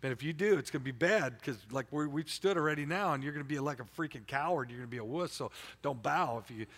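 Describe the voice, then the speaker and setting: A man's voice: fairly high pitch, fast talker, big-room sound. A man preaching a sermon in a church, talking casually and with energy, often repeating and restarting words. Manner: energetic, colloquial, repeats himself, stumbles over words. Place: church sanctuary.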